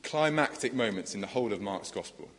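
A man's voice: lowish voice, lively intonation, brisk, a bit bright. A man preaching a sermon in an earnest, conversational way, asking the congregation questions. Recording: long echoing church reverb.

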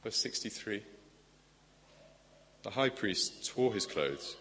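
A man's voice: on the low side, animated, slow, long pauses, fairly bright tone. A man preaching a sermon in an earnest, conversational way, asking the congregation questions. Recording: long echoing church reverb.

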